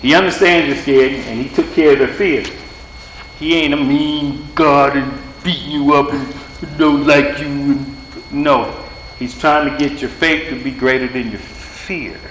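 A man's voice: mid-range voice, steady tone, measured pace, fairly bright tone. A man preaching an informal sermon in a plain-spoken, folksy way, acting out little dialogues, then leading a prayer. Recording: echoey hall with faint hum.

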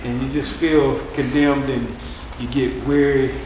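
A man's voice: mid-range voice, level tone, unhurried, darkish tone. Man preaching in a very echoey hall. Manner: folksy, repetitive, encouraging preaching. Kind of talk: sermon. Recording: very echoey room, distant mic, faint noise.

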